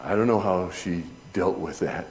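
A man preaching a sermon and explaining Greek words, deliberate in delivery and building to loud emphatic peaks. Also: low voice. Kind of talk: sermon with Greek word study. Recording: long hall reverb.

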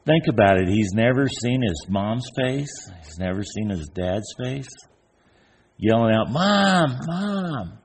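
A man's voice: fairly low pitch, lively intonation, a little slow, a little mellow, slightly rough. An older man giving an informal, folksy sermon, telling stories and acting out the voices of people in them. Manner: folksy storyteller, acts out imagined voices. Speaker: preacher.

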